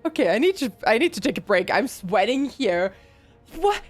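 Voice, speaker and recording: A woman's voice: high-pitched, big pitch swings, moderate pace, soft background music. A woman streaming a horror game live, talking to chat and often panicking with shrieks and laughter. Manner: panicky, frequent screams and laughter.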